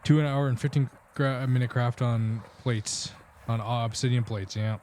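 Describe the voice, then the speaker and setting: A man's voice: medium pitch, little pitch movement, normal speed, darkish tone, a little hiss or hum. A man with an Indian accent streaming a game, explaining plans in a rambling, casual way. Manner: rambling, restarts sentences while explaining plans. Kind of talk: casual live-stream chat.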